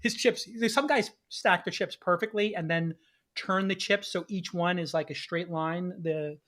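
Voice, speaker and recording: A man hosting a podcast, telling a casual story in an animated way, laughing now and then. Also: high-pitched, a little slow. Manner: animated, laughs between lines. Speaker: podcast host.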